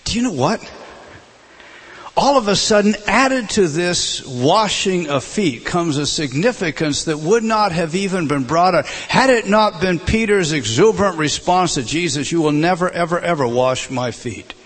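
A man preaching a sermon, emphatic, often restarting and repeating words, swinging between loud stresses and hushed asides. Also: sits high, lively intonation, unhurried, slightly rough.

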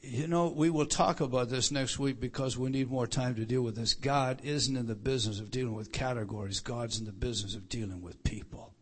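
A middle-aged man preaching a sermon as pastor, emphatic, rising loud to stress scripture and dropping low and quiet. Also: fairly even intonation, a little fast, few pauses, husky.

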